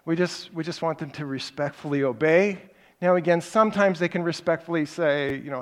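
Slightly high-voiced man teaching parents. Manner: conversational storytelling with emphatic repeated points; acts out parent and child lines in quick snippets.

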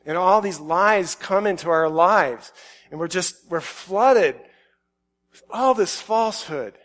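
A man giving a conversational sermon, shifting from quiet reflective musing to loud emphatic outbursts. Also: sits high, expressive, slow. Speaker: pastor.

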